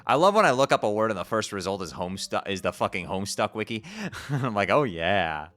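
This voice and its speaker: A low, forceful-voiced man reading a comic aloud on stream. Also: lively intonation, quick pace, faint music behind. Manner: stumbles over odd words and swears casually; breaks off reading to laugh and comment. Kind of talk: casual live-stream read-aloud.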